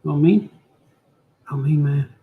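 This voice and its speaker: A man's voice: a little high, a little fast, slightly rough, phone-quality sound. A middle-aged man, a cartoonist, chatting casually on a live stream while he draws, muttering to himself, trailing off and talking to his viewers. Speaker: cartoonist livestreaming while drawing.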